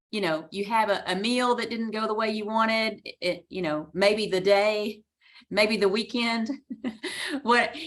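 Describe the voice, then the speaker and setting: A woman's voice: mid-range voice, a bit bright. Reassuring chatty woman coach. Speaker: guest speaker, coach. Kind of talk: casual motivational talk on a video call.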